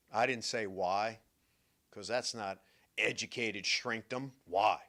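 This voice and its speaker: Older New man, talk-show host, punchy storytelling that drops quiet then booms. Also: takes it slowly. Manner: emphatic storytelling, swings from hushed to loud. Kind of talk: radio-style talk monologue.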